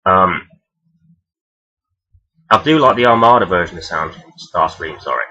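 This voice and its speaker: A man talking casually and rambling as he counts down his favourite characters, swearing freely and filling pauses with "um". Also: low-pitched, animated, bright, forceful tone, highs cut off. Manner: rambling, profane, many fillers. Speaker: vlogger ranking toy robot characters. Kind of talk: casual unscripted countdown talk.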